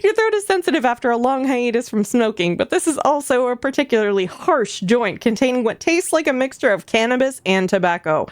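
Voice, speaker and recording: A woman streamer reading a narrative game aloud on a live stream, breaking in with quick asides. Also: on the high side, animated, no room sound.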